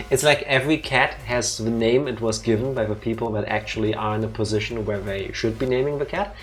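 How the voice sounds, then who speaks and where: A woman's voice: very deep voice, a little fast, soft background music. A woman with a Danish accent co-hosting a let's play, chatting casually in a playful, teasing way with theatrical asides. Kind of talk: casual chat over gameplay.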